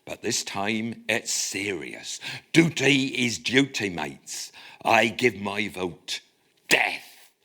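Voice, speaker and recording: A man reading aloud as a scheming one-legged pirate cook, in a put-on West Country pirate accent and a gruff, rough-and-ready tone. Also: fairly low pitch, lively intonation, very slow, bright, forceful tone, heavily acted. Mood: menacing. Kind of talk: dramatic reading.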